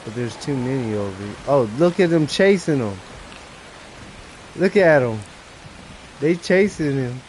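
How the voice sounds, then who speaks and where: A man streaming a live game, chatting casually and breaking into nervous, excited exclamations as he plays. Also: medium pitch, unhurried, pauses often, slight background noise, rough recording. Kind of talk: live gameplay commentary.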